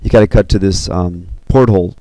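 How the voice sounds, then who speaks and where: A man casually pitching a film story scene by scene, loose and rambling with many fillers. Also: fairly quick, warm tone, no room sound. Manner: loose and rambling, full of 'you know' and 'kinda'.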